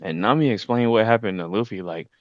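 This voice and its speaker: A young man casually recapping a story in heavy slang, jumping into loud shouted impressions of the characters. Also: lowish voice, brisk, dry recording. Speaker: anime recap host. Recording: slightly muffled lo-fi recording.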